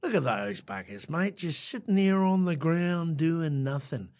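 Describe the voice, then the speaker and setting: A man's voice: a little high, expressive, a little slow. A man voicing a blunt Australian male cab driver, dismissive and matey, with an Australian accent.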